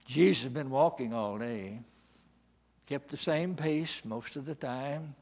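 A man preaching a sermon, swinging from hushed asides to shouting. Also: mid-range voice, slow pace.

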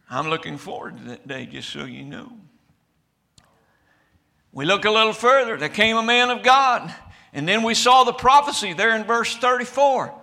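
A man preaching a fiery sermon, swinging from loud shouted climaxes to quiet, low passages. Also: lively intonation, moderate pace, creaky. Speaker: pastor. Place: church sanctuary.

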